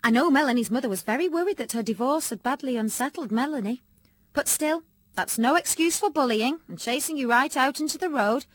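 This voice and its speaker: A woman's voice: high voice, lively intonation, a little fast, no echo, clean studio sound, pitched above the performer's own voice. A woman voicing a worried, doting mother who fusses and insists. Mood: worried insistent. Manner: fussing, emphatic, worried. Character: anxious, doting middle-aged British mother.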